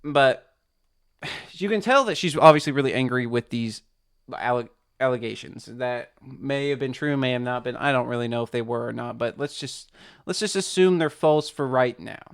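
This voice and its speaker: A man's voice: medium pitch, normal speed, clean tone. Rambling man reacting to a video. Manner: rambling, full of restarts and "like". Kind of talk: casual commentary.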